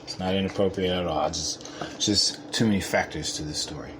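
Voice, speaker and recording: A man telling a story in a casual, profane way, laughing often and swinging from mumbled asides to loud boasts. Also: low-pitched, steady tone, a little fast, noisy background.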